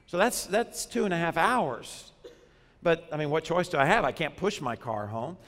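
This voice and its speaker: A man with a fairly high voice delivers a relaxed, conversational sermon, joking with the crowd. He grew up in Arkansas. His voice carries a long reverb from a big church hall. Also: moderate pace. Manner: lively, conversational preaching with humor. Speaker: pastor.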